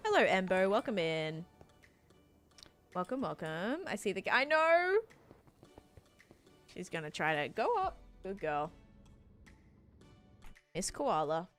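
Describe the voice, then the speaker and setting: A woman's voice: medium pitch, big pitch swings, slow, pauses often. A young woman streamer chatting casually while she plays, reading out and answering her viewers in a rambling, friendly way. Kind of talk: casual live-stream chat, reading chat aloud. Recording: faint music behind voice.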